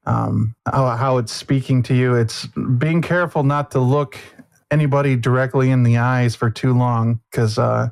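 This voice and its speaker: A man's voice: mid-range voice, darkish tone, clean tone. A man running a tabletop game as game master, narrating loosely with plenty of fillers. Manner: loose, rambling, with many fillers.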